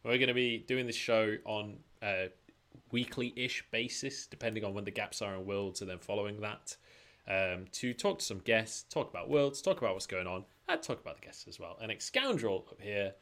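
A man hosting a relaxed, jokey chat over drinks, talking chattily with plenty of fillers. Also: fairly low pitch, normal speed. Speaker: podcast host and esports caster.

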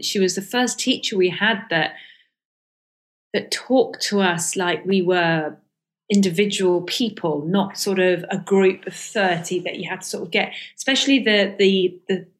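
Candid, hesitant middle-aged woman guest. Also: medium pitch. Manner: candid, hesitant, many fillers and restarts. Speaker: guest, comedian and author. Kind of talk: reflective casual interview talk.

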